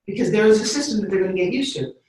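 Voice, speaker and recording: The voice of a middle-aged woman who tells stories with lively energy, slipping into little voices as she goes. It sounds very echoey, as if she is standing well away from the mic in a big bare room. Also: medium pitch, racing, distant mic, a little hiss or hum. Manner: animated, acts out voices. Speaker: speaker. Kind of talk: storytelling talk.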